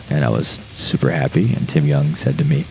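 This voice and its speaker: A man with a strikingly deep, gravelly voice tells a long, rambling story, swearing freely and laughing along the way. It sounds like relaxed podcast chat with faint music underneath. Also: moderate pace. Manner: profane, rambling, laughs through his story. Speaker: podcast guest. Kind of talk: casual storytelling.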